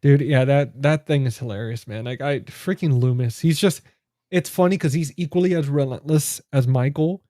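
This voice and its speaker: A man chatting casually about horror films in a relaxed way, often saying dude and like. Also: medium pitch, moderate pace, dry recording, clean studio sound. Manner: relaxed, laid-back, says dude and like often. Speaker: podcast co-host. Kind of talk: casual movie chat.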